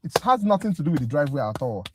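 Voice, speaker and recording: Speaking rapid-fire in a medium pitch, this very animated tutor rants with exasperation to viewers, whom she addresses directly as "guys," before turning to the teaching. It's a casual livestream review class, and there's background noise in the recording.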